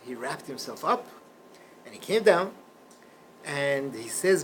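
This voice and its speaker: A man teaching a Torah class in a classroom, telling a story in an animated way. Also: mid-range voice, slow, long pauses, slight background noise. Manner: animated storyteller, shifts voice for quotes. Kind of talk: storytelling lecture.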